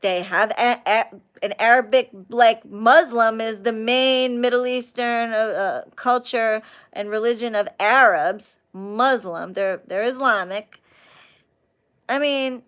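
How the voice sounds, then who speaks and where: A woman hosting a casual live chat with viewers, ranting in an animated, heavily profane way. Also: fairly high pitch, unhurried, clear, resonant tone. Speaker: live stream host chatting with viewers.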